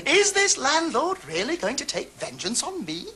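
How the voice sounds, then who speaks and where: An actor playing a clumsy, flustered son-in-law who makes dry, sarcastic asides. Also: male voice, extremely high pitch, wildly swooping pitch, moderate pace, pushed and bright, exaggerated voice, rough recording. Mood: flustered wry. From England. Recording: sitcom studio with audience laughter.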